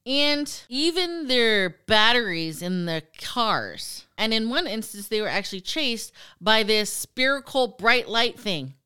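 A woman co-hosting a casual podcast, telling a story in an animated way, with some swearing and acted-out quotes. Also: a little high, unhurried, hardly any pauses, clean tone. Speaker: podcast co-host.

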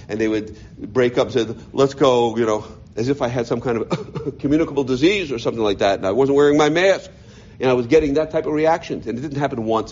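With a medium-pitched, darkish voice, a middle-aged man recounts his personal history to an audience, sincere but often restarting and repeating words while searching for the right ones. The dull lo-fi recording carries slight background noise.

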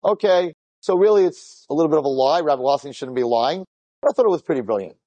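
A middle-aged man, a rabbi and teacher, telling an inspirational story to an audience and acting out the dialogue with lively bursts. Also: on the high side, no echo, lo-fi sound. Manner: animated, acts out the dialogue in quick bursts.

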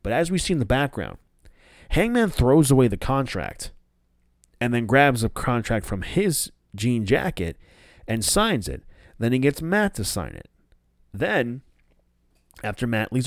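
A man's voice: mid-range voice, wildly swooping pitch, measured pace, long pauses, no room sound, studio quality. A man hosting a podcast, giving a casual solo review that rambles, with restarts and casual swearing. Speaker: wrestling podcast host.

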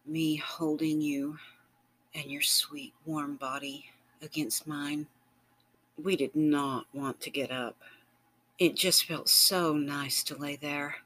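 A man narrating an intimate romantic story in a soft, tender, unhurried way. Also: a little high.

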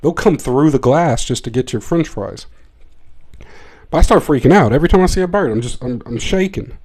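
A man hosting a podcast, telling a comic story in a profane, excitable, rambling way. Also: medium pitch, brisk, husky. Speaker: podcast host. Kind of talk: comedic storytelling monologue.

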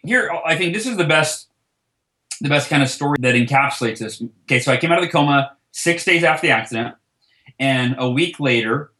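A man recounting a personal story in conversation, earnest and quick, often repeating words as he goes. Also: mid-range voice, a bit bright. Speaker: podcast guest. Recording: roomy, echoey sound.

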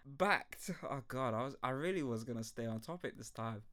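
A young podcast host with a mid-range voice talks briskly through a casual review, rambling into profane, animated rants and laughing a lot.

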